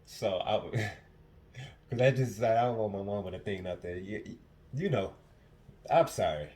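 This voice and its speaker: A young man with a somewhat low voice hosts a casual podcast from home. He talks in a passionate, profane monologue, often circling back and repeating himself as he makes his point. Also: lively intonation, unhurried, a little mellow. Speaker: podcast host.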